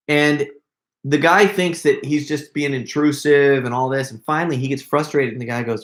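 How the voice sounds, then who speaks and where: A middle-aged man hosting a casual live Q&A, telling stories in an excitable, rambling way full of quick asides. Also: medium pitch. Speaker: prank video creator hosting a live Q&A. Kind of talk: casual livestream chat.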